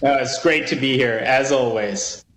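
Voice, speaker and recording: A man speaking as a guest commentator in an interview, measured and deliberate. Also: mid-range voice, background noise. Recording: roomy echo.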